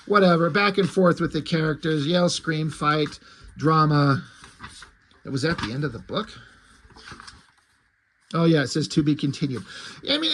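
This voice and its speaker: High-voiced blunt man reviewing comics. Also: gravelly, bright, forceful tone, a little hiss or hum. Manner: blunt, opinionated, swears freely; rambling, with frequent ums and trailing asides. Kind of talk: casual review talk.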